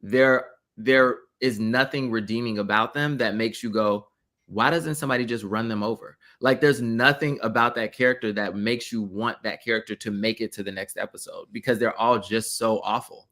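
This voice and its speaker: A man's voice: on the low side, steady tone, moderate pace, a bit bright. Man co-hosting, emphatic and repetitive. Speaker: podcast co-host. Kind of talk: casual review chat.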